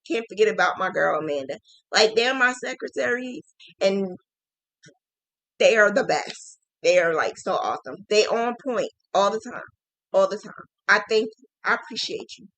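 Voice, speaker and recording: A woman hosting a casual live stream, warmly thanking viewers in quick, emotional, laughing bursts. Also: fairly high pitch, no echo. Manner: gushing, effusive thanks to viewers. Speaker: host of a crochet business livestream.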